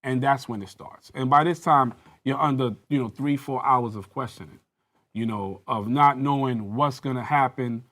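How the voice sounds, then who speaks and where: A man's voice: mid-range voice, normal speed, a bit bright. A man telling a personal story in a panel discussion, acting out the dialogue with rising intensity. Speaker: guest recounting a police interrogation.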